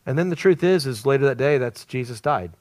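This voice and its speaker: A man preaching an evangelistic sermon at a church service, swinging between loud emphasis and hushed, near-whispered lines. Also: mid-range voice, animated, fairly quick.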